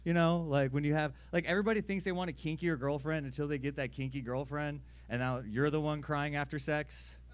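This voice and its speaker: A young man performing a stand-up comedy set, telling crude stories in a deadpan way and acting out the other voices himself. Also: fairly high pitch, brisk, few pauses, clear, resonant tone.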